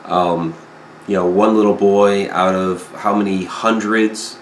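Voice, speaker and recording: A man's voice: on the low side, steady tone, slow pace, echoey room, a little hiss or hum, low-quality recording. A man hosting a casual livestream chat, easygoing as he manages the setup. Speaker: podcast host.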